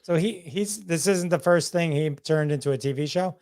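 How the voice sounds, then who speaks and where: A man's voice: a little high, normal speed, darkish tone, no echo, clean studio sound. A man hosting a podcast, bantering loosely and greeting live viewers. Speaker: podcast host. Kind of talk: casual podcast chat.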